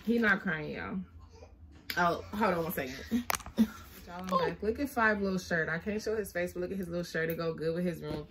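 A woman's voice: lowish voice, brisk, noisy background. A young woman chatting casually to camera as a vlogger, often apologizing and talking to her baby while she looks through letters.

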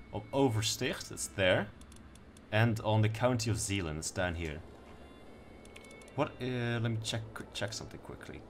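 A young man, chatting casually over a strategy game. His voice sits fairly low, and he talks in a relaxed, offhand way, cursing freely and reading in-game text out loud, with a faint hum of noise behind him. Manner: laid-back, swears casually, reads game text aloud. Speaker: gaming streamer. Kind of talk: casual let's-play commentary.

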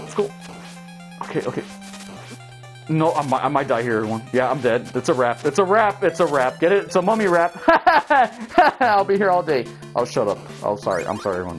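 A young man giving casual gameplay commentary, swearing, shouting at enemies and talking to his viewers as he plays. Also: medium pitch. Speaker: let's play gamer.

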